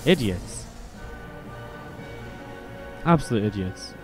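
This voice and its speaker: Music plays in the background as a man with a fairly low, animated voice speaks at a slow pace. He's casting and streaming StarCraft at a desk microphone, casually chatting over the commentary, rambling, cursing freely, and leaning on filler words.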